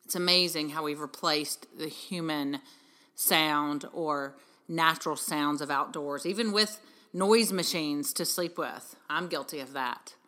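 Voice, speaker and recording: In a low voice that sounds pushed and bright, at a measured pace, this middle-aged podcast host and parenting speaker encourages mothers earnestly. Her heartfelt motivational talk is full of rhetorical questions.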